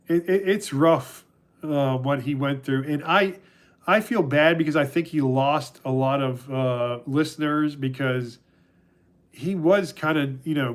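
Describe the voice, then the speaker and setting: A middle-aged man talks on his livestream in a loose, rambling way, stopping and restarting often as he reads the chat. His voice sits a little high for a man. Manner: rambling, halting, many restarts and fillers. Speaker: livestream host answering chat.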